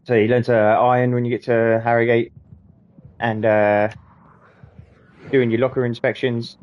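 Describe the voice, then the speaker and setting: A man's voice: mid-range voice, flat delivery, measured pace, lo-fi sound. A young man swearing freely and laughing as he tells rambling stories while gaming. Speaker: gaming channel host. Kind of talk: casual storytelling while gaming.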